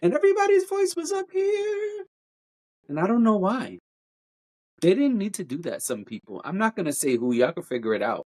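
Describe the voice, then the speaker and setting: A podcast co-host in casual, animated chat, teasing and opinionated. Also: fairly quick. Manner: animated, jumps pitch to mimic singers.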